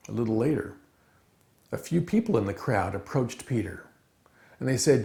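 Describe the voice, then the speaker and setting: Male chapel speaker, sermon, lively storytelling, gravelly tone, reverberant room sound. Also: mid-range voice, measured pace. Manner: animated storytelling with dramatic emphasis. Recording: roomy echo.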